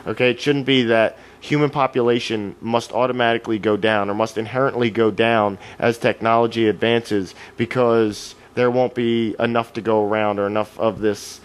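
A man's voice: mid-range voice, fairly even intonation, normal speed, hardly any pauses, clean tone, poor audio. A man co-hosting a casual podcast, talking in earnest, rambling runs and restarting his sentences. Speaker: podcast co-host.

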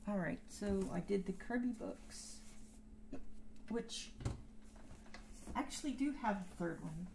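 A woman chats through a coloring stream with the hiccups, drifting between plain talk and soft half-whispers. Her voice has a gravelly, fry-laden edge and she talks slowly. A faint background hiss sits under her desk-mic recording. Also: mid-range voice, expressive. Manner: unhurried, musing, often trails into soft half-whispers. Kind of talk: casual live-stream chat while coloring.

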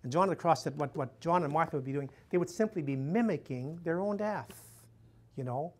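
A man's voice: on the high side, fairly quick. Chatty storytelling man giving a talk. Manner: chatty, storytelling, acts out quoted dialogue in a raised voice, frequent "you know". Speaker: missionary priest giving a talk. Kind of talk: conversational lecture to a live audience. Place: room with a live audience.

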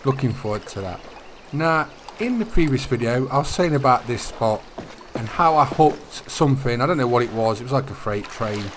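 A young man giving relaxed, chatty commentary over a fishing video game, sharing tips as he plays. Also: medium pitch, normal speed, slight background noise. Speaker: gaming YouTuber. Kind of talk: casual gameplay commentary.

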